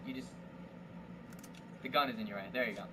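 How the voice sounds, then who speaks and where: A man's voice: medium pitch, brisk, noisy background. A young man joking his way through a video game playthrough with a friend, teasing him and breaking into silly chants. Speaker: gaming commentator. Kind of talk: casual gameplay commentary.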